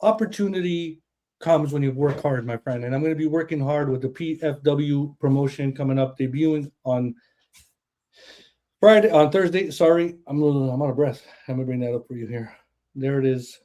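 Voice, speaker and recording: A man hosting a podcast in an excitable, boastful way, swearing freely. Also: on the high side. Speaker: podcast host. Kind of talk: hyped casual chat.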